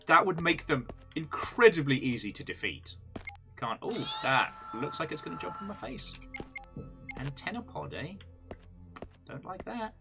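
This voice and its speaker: A man's voice: a little high, wildly swooping pitch, normal speed, gravelly, over music. A man hosting a gaming video, chatting through gameplay commentary with joking asides.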